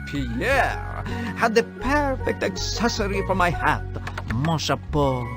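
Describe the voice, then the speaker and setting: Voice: mid-range voice, big pitch swings, slow, music in the background. An actor voicing a pompous fish tailor in a cartoon game, speaking in an affected, put-on French accent. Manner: affected, posh.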